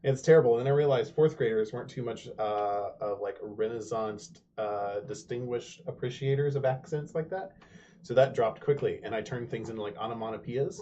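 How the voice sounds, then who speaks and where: A man chatting casually at a board game table, telling a rambling, animated story. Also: medium pitch, normal speed, a little hiss or hum. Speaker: board game show regular. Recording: dull lo-fi stream audio.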